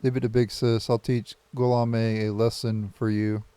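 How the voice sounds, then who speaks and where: A man's voice: mid-range voice, flat delivery, moderate pace, warm tone, clear, resonant tone, no echo, natural voice. A man reading aloud the lines of a confident, self-assured big-sister warrior woman from a game. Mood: boastful.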